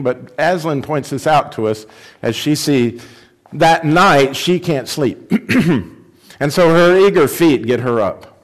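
A man preaching to a congregation who breaks into reading a children's story aloud. He reads expressively and lifts his pitch whenever he voices the young girl. His voice sits at a middle pitch for a man. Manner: expressive reader, raising pitch for the girl's lines.

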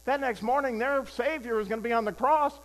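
A man's voice: extremely high pitch, brisk, fairly bright tone, low-quality recording. An older man preaching a sermon, telling a personal story and often asking the audience questions. He talks in a conversational way and repeats his key phrases for emphasis.

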